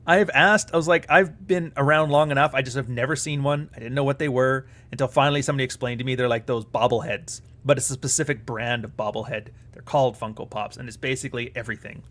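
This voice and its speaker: A man's voice: medium pitch, fairly even intonation, fast, few pauses, a bit bright. A man hosting a live stream, chatting casually in a profane, sarcastic and rambling way.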